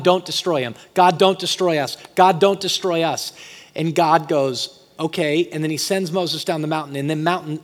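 Male pastor, slightly high voice, conversational sermon with loud emphatic bursts, long hall reverb. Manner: conversational preaching, swings from quiet asides to loud emphatic peaks.

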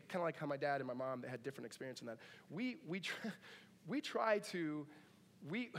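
Male pastor, 30s, high voice, casual joking sermon delivery, big reverberant room. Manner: conversational and joking, with asides and laughs. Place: church sanctuary.

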